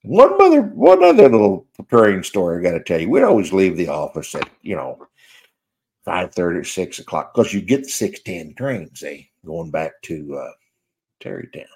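Male storyteller, deep and animated, rambling and self-mocking in casual anecdote. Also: normal speed. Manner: rambling, chuckling, self-deprecating.

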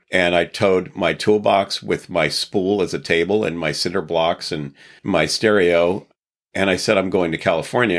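A man from Texas, a podcast guest, telling long rambling stories in a reflective way and chuckling now and then. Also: low-pitched. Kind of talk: casual storytelling interview.

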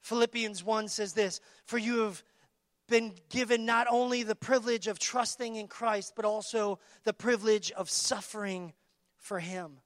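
A man preaching a sermon in an emphatic, repetitive call-and-response style, building to loud peaks and dropping to quiet asides. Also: high voice, fairly even intonation, normal speed, dry recording, clean studio sound.

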